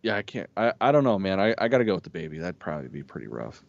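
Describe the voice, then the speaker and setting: A man co-hosting a casual review chat, relaxed and blunt, swearing casually. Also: low voice, rapid-fire, creaky, no echo, muffled recording. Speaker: co-host.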